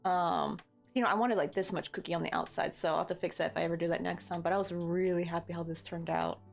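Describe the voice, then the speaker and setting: Hosting a crochet livestream, a woman in her thirties chats casually in a rambling manner, using many fillers and laughing easily. Her lowish voice is steady in tone, fast, and has vocal fry, with soft music in the background.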